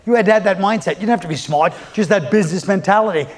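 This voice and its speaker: A man's voice: sits high, racing. A man doing stand-up comedy, riffing in a rambling, profane, sardonic way and acting out quotes.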